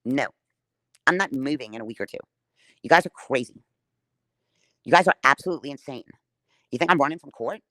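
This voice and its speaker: Fast-talking, profane woman on a livestream. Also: very deep voice, lively intonation, fairly bright tone, dry recording. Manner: defiant, profane, confrontational. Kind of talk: livestream rant to viewers.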